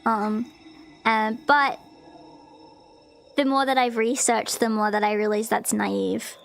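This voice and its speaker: A woman streamer chatting casually, reading a text aloud and breaking off with giggles, fillers and squeaky bursts of disbelief. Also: flat delivery, slow, creaky, soft background music. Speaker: VTuber streamer.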